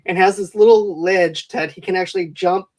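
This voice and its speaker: A man's voice: high voice, fairly even intonation, moderate pace. A man co-hosting a podcast, casually adding his own take on a film and laughing along. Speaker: podcast co-host. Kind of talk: casual movie review chat.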